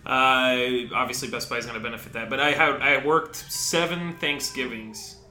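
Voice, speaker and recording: A man co-hosting a casual comedic chat as an animated storyteller who swings between quiet asides and loud bursts. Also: mid-range voice, moderate pace. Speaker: podcast co-host. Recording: echoey room.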